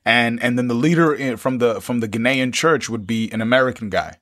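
A man's voice: medium pitch, fairly quick, fairly bright tone. A man hosting an interview, asking follow-up questions, recapping the guest's points and joking with him. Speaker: interview host. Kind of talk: conversational interview.

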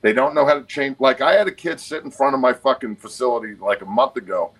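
This podcast guest, a man in his forties, talks fast in a mid-range, somewhat bright voice. He's blunt, emphatic, and full of swearing, and the audio quality is poor.

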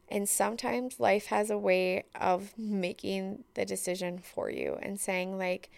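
Woman, solo podcast host, earnest, thinking aloud, gravelly, dry close sound. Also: medium pitch, sing-song, measured pace, few pauses, darkish tone, no room sound.

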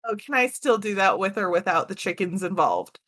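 A woman's voice: medium pitch, expressive, a little fast, fairly bright tone, no echo, clean studio sound. A woman co-hosting a podcast in casual chat, rambling and self-deprecating. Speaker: podcast co-host.

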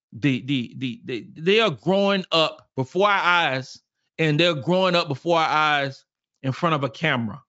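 A man from South Carolina, hosting a casual postgame show, animated and prone to repeating phrases. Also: on the high side, no echo, dull audio. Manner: animated, repeats phrases, reads viewer comments. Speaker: podcast host.

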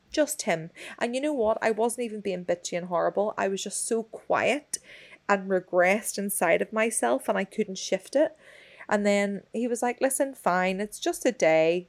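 A woman, telling a story in casual chat, expressive and swearing freely. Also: medium pitch. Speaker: podcast co-host.

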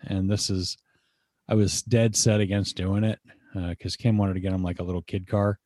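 Thirties guy hosting a podcast, deep mellow voice, swears a lot, dry sound. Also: little pitch movement, normal speed, no room sound. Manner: profane, rambling. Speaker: podcast host. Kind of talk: casual podcast chat.

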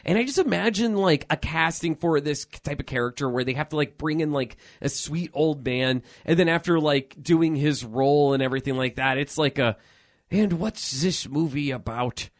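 A man's voice: a little high, fairly quick, few pauses, no echo, studio quality. A man co-hosting a podcast, chatting about films in a laid-back way, full of "like" and "dude". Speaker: podcast co-host. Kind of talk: casual film discussion.

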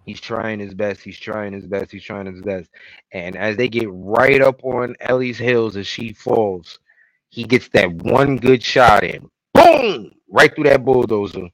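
A man co-hosting a casual podcast, retelling TV episode scenes in an animated way and acting out the lines. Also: lowish voice, measured pace, no room sound, poor audio. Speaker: podcast co-host. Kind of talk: casual recap chat.

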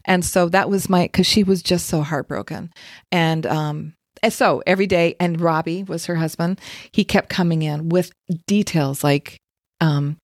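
A woman's voice: on the low side, steady tone, moderate pace, dry recording, studio quality. A middle-aged woman, a Reiki practitioner, telling a story in casual chat and acting out the voices of the people in it.

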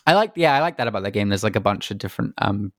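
A man's voice: lowish voice, expressive, racing, dry recording, studio quality. A man chatting casually about a video game, telling a rambling story and acting out quotes.

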